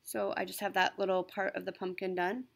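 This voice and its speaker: A woman's voice: mid-range voice, level tone, fairly quick, creaky. A woman chatting casually as a cross stitch vlogger, upbeat and talkative, with frequent ums and self-corrections. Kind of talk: casual show-and-tell chat.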